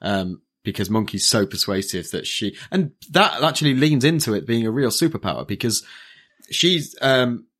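A man's voice: medium pitch, very animated, moderate pace, fairly bright tone. A man co-hosting a casual podcast, retelling a story in a rambling, hesitant way with many fillers and restarts. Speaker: podcast co-host. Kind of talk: casual chat recapping an anime.

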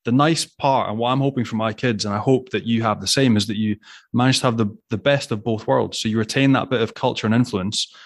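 A man's voice: medium pitch, brisk. A Scottish man hosting the interview, chatting in a rambling way and laughing easily. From Scotland. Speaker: podcast host. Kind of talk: casual interview chat.

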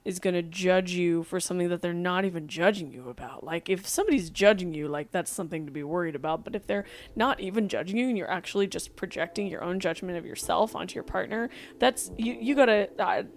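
A woman's voice: fairly low pitch, fast, few pauses. A woman hosting a podcast, giving earnest advice in casual chat with many fillers. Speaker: podcast host.

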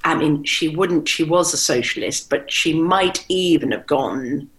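Low-voiced candid woman, middle-aged. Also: unhurried, low-quality recording. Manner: candid, animated storytelling with mimicked quotes. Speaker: guest. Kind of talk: conversational interview.

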